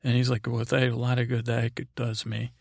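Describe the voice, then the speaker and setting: Gravelly man rambling a sleepy recap. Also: medium pitch, monotone, darkish tone, no echo, clean studio sound. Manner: meandering, with quick offhand character impressions. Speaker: podcast host.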